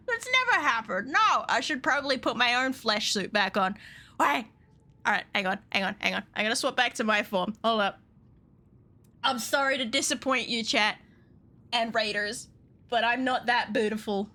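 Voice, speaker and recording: A young woman streaming casually, excitable and laughing often, swearing freely as she chats with viewers. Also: on the high side, normal speed. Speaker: VTuber streamer. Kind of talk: casual live-stream chat.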